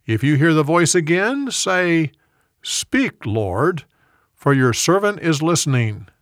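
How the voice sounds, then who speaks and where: An old priest speaks gently and patiently, slow and unhurried, as a male reader voices him. His voice moves with lively rise and fall in a dry, close sound. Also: on the high side, no echo, voice pushed up. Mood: gentle.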